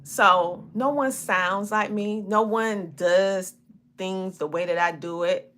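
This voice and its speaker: Bright-voiced Southern woman in her forties. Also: medium pitch, fairly even intonation, slight background noise. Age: 40s. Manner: drawn-out, looping country twang with laughs. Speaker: podcast host and coach. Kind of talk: casual livestream talk to viewers.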